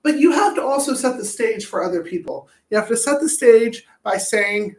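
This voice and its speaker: A man hosting a live talk on anger management, blunt and profane, swinging between loud outbursts and low asides. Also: expressive, fairly quick, few pauses. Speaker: host. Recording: echoey room, voice far from the mic.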